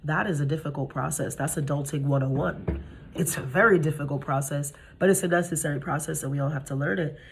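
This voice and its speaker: A woman's voice: deep voice, fast, a little hiss or hum. A young woman giving a casual tarot reading, chatty and streetwise, talking straight to her viewers. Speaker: tarot reader.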